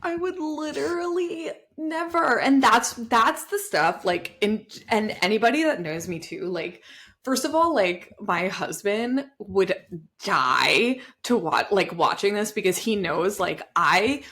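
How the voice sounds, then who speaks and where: A woman's voice: medium pitch, expressive, measured pace, a bit bright. A woman co-hosting a podcast, talking casually and animatedly, with many fillers and some swearing. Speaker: podcast co-host. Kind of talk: casual conversation.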